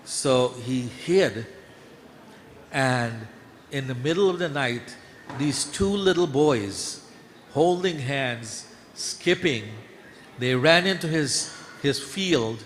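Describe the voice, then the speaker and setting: Slowly and in a mid-range voice, a man acts out scenes from devotional stories during a lively temple sermon, his voice climbing at dramatic moments. Faint background noise and echo fill the temple hall.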